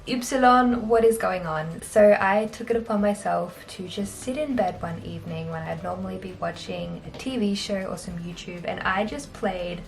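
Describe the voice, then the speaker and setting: A woman's voice: lowish voice, steady tone, normal speed, creaky, hardly any pauses, a little mellow. A young Australian woman vlogging in a casual, chatty, self-deprecating way, laughing often. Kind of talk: casual chat to camera.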